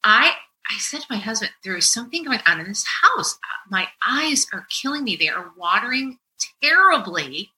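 A woman's voice: a little high, normal speed, hardly any pauses. A middle-aged woman co-hosting a podcast, telling exasperated stories in casual chat and swearing freely. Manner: animated, exasperated storytelling with swearing. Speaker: podcast co-host.

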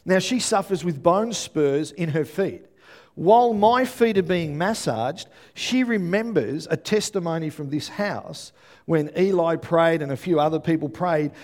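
An Australian man preaching a sermon as pastor, telling stories with lively energy and often checking in with the congregation. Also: on the high side, a little slow. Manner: animated storytelling with frequent "yeah?" check-ins to the congregation.

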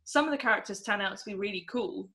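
A woman's voice: mid-range voice, fast talker, fairly bright tone. An English woman co-hosting a podcast, chatting casually about a film and laughing often. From England. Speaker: podcast co-host.

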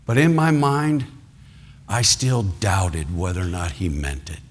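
Animated, lively-voiced male pastor. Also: fairly low pitch, unhurried. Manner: animated storytelling, rising to fervent preaching. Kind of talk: sermon.

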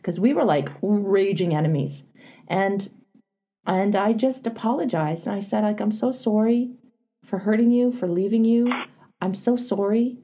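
A middle-aged woman with a husky, mellow voice gives a caller frank, emphatic advice. She talks plainly and earnestly, pressing her points home. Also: medium pitch, measured pace. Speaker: advice show host. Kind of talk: coaching a caller.

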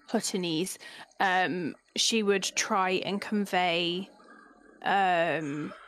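A woman player describing her character's actions in a tabletop game, slow and hesitant. Her voice is low. Faint music plays behind her. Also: a bit bright. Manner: hesitant, many pauses. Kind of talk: casual tabletop play.

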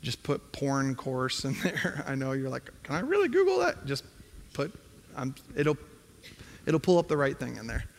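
A man's voice: medium pitch, fairly even intonation, unhurried. A middle-aged male pastor preaching a sermon in a conversational tone that rises to emphatic pleading. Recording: hall reverb.

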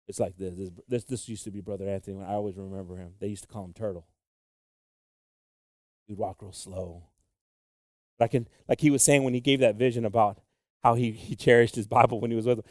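A man preaching a sermon with passion, moving between loud exclamations and quiet, low asides. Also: no room sound, clean studio sound.

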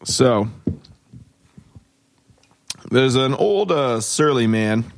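A man's voice: mid-range voice, lively intonation, very slow, creaky, no echo, clean studio sound. A young man co-hosting a casual comedy podcast, rambling through a joke with lots of fillers and restarts. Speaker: podcast co-host.

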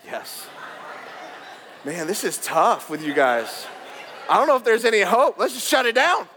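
A man preaching a sermon, animated and joking as he calls out to the congregation. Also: high-pitched, a little slow, slight background noise. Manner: animated, jokey, calls out to the crowd. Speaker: pastor. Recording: long hall reverb.

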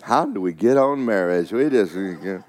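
A man preaching a sermon, with folksy asides, rising loud to stress a point and dropping low to tell a story. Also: animated, normal speed. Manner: folksy preaching, rises loud for emphasis, drops low for stories. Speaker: pastor.

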